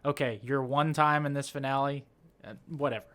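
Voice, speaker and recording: A man co-hosting a casual podcast, relaxed and agreeable, with blunt opinions. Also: medium pitch, fairly quick. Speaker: podcast co-host.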